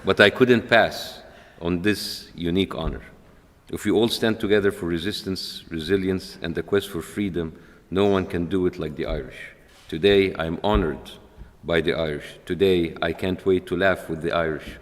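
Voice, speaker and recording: A middle-aged man speaks with a deep, low voice. He gives a wry, self-mocking speech as a comedian. His words ring out with a long reverb from a large hall. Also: steady tone, normal speed.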